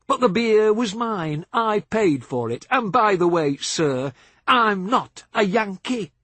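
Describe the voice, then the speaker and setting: A man voicing a young male American soldier who speaks in a slow, lazy Southern drawl, polite and unhurried. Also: sits high, big pitch swings, fairly bright tone, dry recording, pitched above the performer's own voice, heavily acted. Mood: cold, firm.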